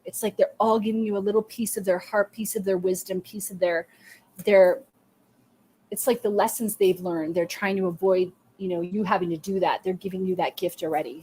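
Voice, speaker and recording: Woman host giving live psychic readings; soft, effusive, emphatic, fillers throughout, mid-range pitch. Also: husky. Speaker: psychic medium and podcast host. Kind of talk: live-streamed intuitive reading.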